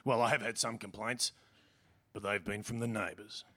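A man voicing a crude, deadpan bluesy dude with an Australian accent, talking and singing with guitar on a comedy stage. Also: lowish voice, moderate pace, voice pushed down, natural voice.

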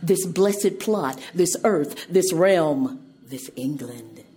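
A woman reciting classical verse in a low, dark voice. She takes it slowly and declaims each line in a measured way. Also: animated. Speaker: performer. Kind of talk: dramatic recitation.

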